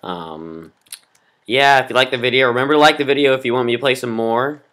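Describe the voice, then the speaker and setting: A gameplay commentator who rages melodramatically at the game, groaning and yelling at every failure. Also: mid-range voice, a little fast. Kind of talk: raging let's-play commentary.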